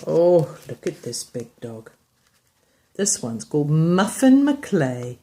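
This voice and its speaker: A woman reading a picture book aloud to a young child. She stops to ask about the pictures, moving between bright exclamations and soft murmured asides. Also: low voice, sing-song, slow pace. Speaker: reader to a child.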